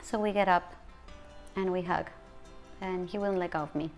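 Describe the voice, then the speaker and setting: Halting, gravelly-voiced grieving mother. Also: fairly low pitch, fairly even intonation, soft background music. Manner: halting, soft, quotes others in hushed voice. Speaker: interviewee, bereaved mother and nonprofit founder. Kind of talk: emotional personal testimony.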